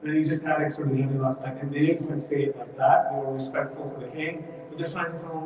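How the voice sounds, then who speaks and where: A man with a high voice teaches a Quran study class at a brisk pace. He tells the story with energy and acts out the lines of the people in it. He is heard from far off in a mosque hall with a long echo. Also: a little hiss or hum. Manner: animated storytelling, acts out quoted speech.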